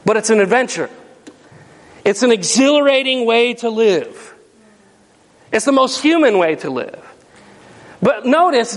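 High-voiced man preaching in a reverberant hall. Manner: animated, emphatic preaching with rhetorical questions. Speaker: pastor. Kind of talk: sermon.

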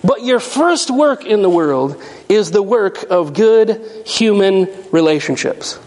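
A man preaching a sermon as pastor, emphatic and animated, asking the congregation rhetorical questions. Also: high voice, slow pace. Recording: long hall reverb.

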